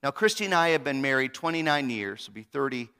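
A pastor in his fifties delivers a sermon with dramatic swings from loud emphasis to near-whispers. His voice is bright and cutting, and a long reverb from the church hall follows every line. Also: medium pitch, lively intonation, fast talker, clean tone.

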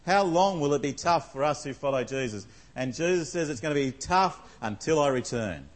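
In a low-quality recording, a man with a fairly high, animated voice delivers a casual-toned sermon at a moderate pace. He reads scripture, asks the congregation questions, and uses plenty of filler words.

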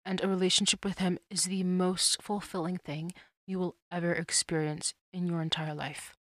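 Young female podcast host, earnest and chatty, lowish pitch, dry close mic. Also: level tone, normal speed, a bit bright, no room sound. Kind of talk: solo faith podcast monologue.

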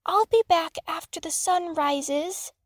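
Woman reading a gentle young boy. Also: extremely high pitch, slow, no echo, clean studio sound, voice pushed up. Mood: tender. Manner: gentle and soft-spoken.

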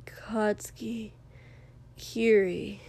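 Woman reading, doing a gentle quiet young guy, soft and slow, kinda hushed. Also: mid-range voice, fairly even intonation, vocal fry, heavily acted. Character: gentle calm young man, soft-spoken.

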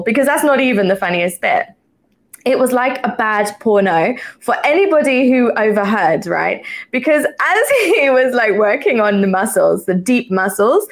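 A woman hosting a podcast, telling stories in a giggly, animated way. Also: on the high side. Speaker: podcast host. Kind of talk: casual interview chat.

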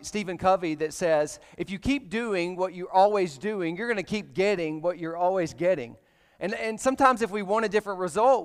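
Southern pastor, thirties, high smooth voice, jokey animated preaching, church hall echo. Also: male voice. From Alabama. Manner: casual, joking, animated preaching. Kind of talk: sermon. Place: church sanctuary.

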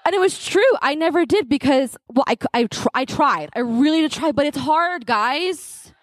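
Animated American woman telling a story. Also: high-pitched, moderate pace, no echo. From United States. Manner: animated, comic, self-deprecating. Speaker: conference speaker. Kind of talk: storytelling talk to an audience. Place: live event stage.

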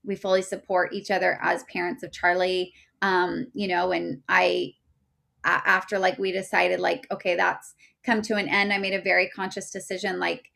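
A woman in her thirties, a podcast guest telling a personal story in a chatty way, full of fillers and getting loud when excited. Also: mid-range voice, creaky.

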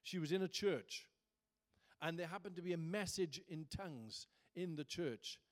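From the pulpit, a pastor with a notably high voice preaches a sermon at a moderate pace. He starts by chatting with the congregation conversationally before building into fervent, emphatic preaching.

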